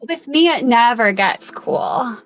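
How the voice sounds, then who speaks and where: A woman with a high voice jokes and teases her way through a tabletop game session. The sound is slightly dull, as if recorded on a lo-fi mic, with soft music underneath. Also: expressive, slow. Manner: playful, teasing. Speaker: player. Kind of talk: casual tabletop play.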